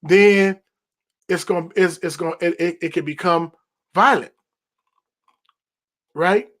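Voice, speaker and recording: Man, high voice, podcast host, emphatic preacher cadence, lots of repetition. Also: steady tone, slow, fairly bright tone. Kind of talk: preaching-style podcast monologue.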